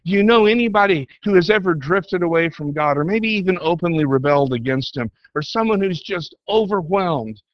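Earnest male preacher, slightly high voice. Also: animated, no echo, dull audio. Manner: earnest preaching, reads scripture aloud with rising and slowing emphasis. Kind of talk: sermon.

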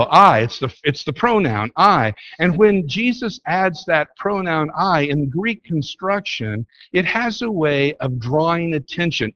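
A man leads a Bible study lecture with an emphatic, explanatory delivery, circling back to stress his main words. His voice sits a little high for a man. The recording is muffled and lo-fi. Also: a bit bright, no echo. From United States. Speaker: Bible teacher.

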